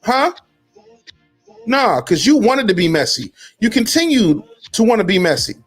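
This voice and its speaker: A man delivering a heated, profane commentary, mocking his target and swinging from low mutters to shouted taunts. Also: big pitch swings, moderate pace, slightly rough, faint music behind. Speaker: commentary host. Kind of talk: heated social media commentary.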